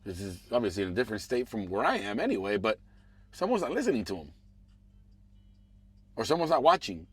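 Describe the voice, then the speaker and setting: A man hosting a podcast. He rants casually and profanely about politics, muttering one moment and shouting the next. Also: on the low side, a little fast, pauses often, husky, no room sound. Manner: animated, profane, swings between mumbling asides and raised outbursts. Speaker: podcast host.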